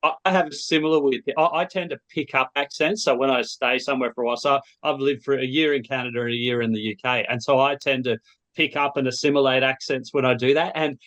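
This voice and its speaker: A man's voice: mid-range voice, steady tone, fast, a bit bright. Thoughtful middle-aged Australian man. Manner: thoughtful, reflective, slight hesitations. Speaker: guest author. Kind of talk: casual interview chat.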